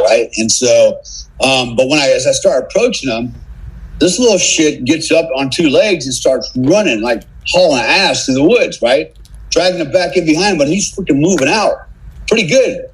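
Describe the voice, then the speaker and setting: Husky middle-aged man telling a story. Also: a little high, moderate pace, low-quality recording. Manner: animated storyteller who acts out dialogue, laughs often, tags lines with "right?". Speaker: podcast guest, former special forces soldier. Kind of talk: casual storytelling in conversation.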